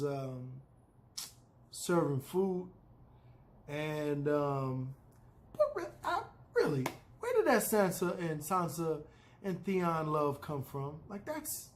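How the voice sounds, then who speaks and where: A man's voice: on the high side, sing-song, slow pace, a little hiss or hum. A man casually recapping a TV episode, loose and opinionated, peppering his talk with "you know" and "man".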